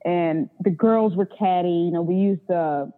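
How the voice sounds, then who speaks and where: A woman's voice: fairly low pitch, measured pace. A woman telling candid stories about her work in a blunt, profane way. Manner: blunt and profane, acts out callers' voices. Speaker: interview guest, phone sex worker. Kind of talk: candid casual storytelling. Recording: tinny phone-like sound.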